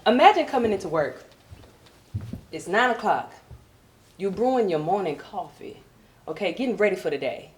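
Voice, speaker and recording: A woman's voice: normal speed, long pauses, reverberant. Brassy Southern woman doing stand-up. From Virginia, US South. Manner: brassy, animated, puts on high posh voices for coworkers. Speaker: stand-up comedian. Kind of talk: stand-up comedy set.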